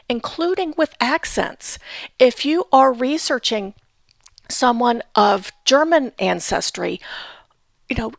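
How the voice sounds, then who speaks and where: A woman's voice: a little high, vocal fry, no room sound, clean studio sound. A woman giving a patient instructional talk on family history research, spelling out names letter by letter. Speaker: genealogy instructor.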